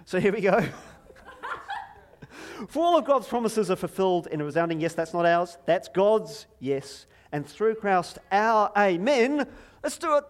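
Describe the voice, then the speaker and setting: A middle-aged man preaching a lively, joking sermon from a church stage, chatty and self-deprecating, drawing the congregation in. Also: sits high, moderate pace. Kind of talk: playful sermon with audience participation.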